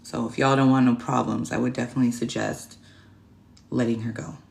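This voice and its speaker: A woman's voice: very deep voice, little pitch movement, brisk, gravelly, a little mellow, slight background noise. A woman streaming a tarot session chats casually and bluntly, swearing often. She rambles from point to point and breaks off to thank viewers by name. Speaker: tarot reader and livestream host. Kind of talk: casual livestream chat.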